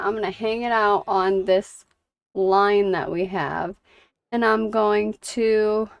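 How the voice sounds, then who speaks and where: Slow-talking woman streamer, casual and rambling. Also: a little high, dry recording. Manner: rambling, laughs easily. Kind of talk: casual chat while gaming.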